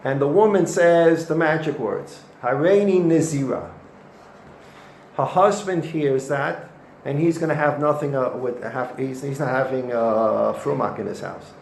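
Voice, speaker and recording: A man's voice: mid-range voice, a little slow, gravelly, a little mellow. A man, a rabbi, gives a weekly Torah lesson, telling the stories with animation and dropping Hebrew and Yiddish terms. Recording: echoey room with faint noise.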